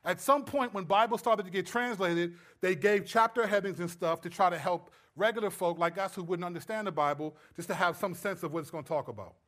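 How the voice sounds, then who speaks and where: A man preaching a sermon, stressing points loudly and then dropping to low, quiet asides. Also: brisk, hardly any pauses. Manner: emphatic, swings between loud stresses and low quiet asides. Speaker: pastor.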